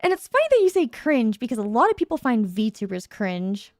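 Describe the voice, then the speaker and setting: A woman hosting a stream in casual chat, bubbly and animated, reacting to her chat in a playful way. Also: fairly high pitch, fairly quick, no echo, clean studio sound. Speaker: VTuber streamer, host.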